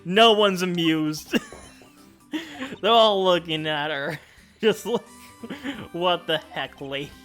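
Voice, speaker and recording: A woman's voice: lowish voice, big pitch swings, slow, pauses often, fairly bright tone, soft background music. Giggly woman streamer commenting. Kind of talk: let's play commentary.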